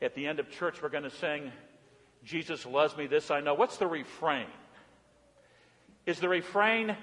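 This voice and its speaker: A male pastor preaching a sermon, swinging between loud emphatic calls and soft hushed passages. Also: a little high, normal speed, pauses often. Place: church. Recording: long church reverb.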